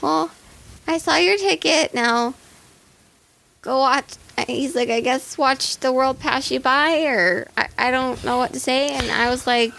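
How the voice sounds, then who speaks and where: A woman's voice: high voice, a little slow, creaky. A young adult woman co-hosting a casual podcast, telling stories bluntly and animatedly, with lots of swearing. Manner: profane, blunt and animated storytelling. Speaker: podcast co-host.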